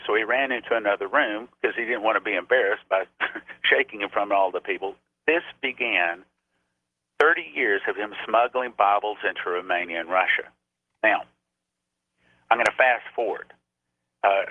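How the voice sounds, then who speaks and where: A man's voice: fairly low pitch, no echo. A man preaching on a radio show, telling a story earnestly and raising his voice when he quotes people. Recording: tinny phone-line sound.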